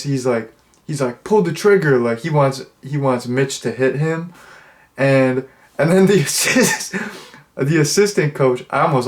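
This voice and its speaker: A young man reviewing a comedy film in a casual, rambling way, full of fillers and restarts. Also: medium pitch. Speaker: movie reviewer.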